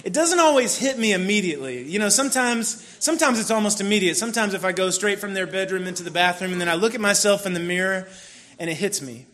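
A man preaching a sermon in a relaxed, conversational storytelling way, with sudden bursts of mock frustration. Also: sits high, quick pace, few pauses. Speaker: pastor.

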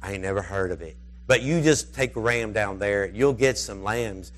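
A man voicing a gruff, plainspoken old male sheep rancher with a slow, low drawl. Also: a little hiss or hum, lightly acted. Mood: blunt.

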